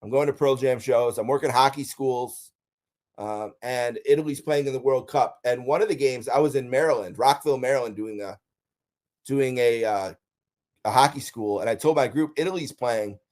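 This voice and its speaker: A middle-aged man from Buffalo talks through a countdown of personal memories in a casual monologue. He sounds eager and chatty, with a mid-range pitch and plenty of filler sounds between thoughts. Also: moderate pace, darkish tone. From Buffalo, USA. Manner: enthusiastic storyteller, frequent ums and uhs.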